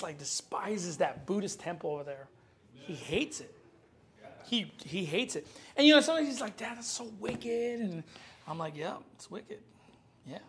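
High-voiced fervent preacher man. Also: a bit bright. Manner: fervent preaching, shifting to a low chatty storytelling tone. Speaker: pastor. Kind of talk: sermon.

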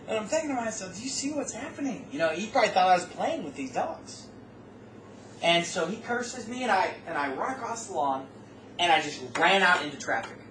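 Man telling a story from across a roomy space. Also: high voice. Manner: animated, with rambling restarts and self-corrections. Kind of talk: casual personal storytelling. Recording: roomy, distant mic, faint background noise.

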